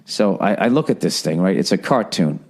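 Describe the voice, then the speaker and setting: A man's voice: deep voice, lively intonation, fairly quick, breathy edge. A man in his forties hosting a solo podcast, ranting and swearing, then mocking himself. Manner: ranting, profane, self-mocking. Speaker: podcast host. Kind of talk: casual solo podcast monologue.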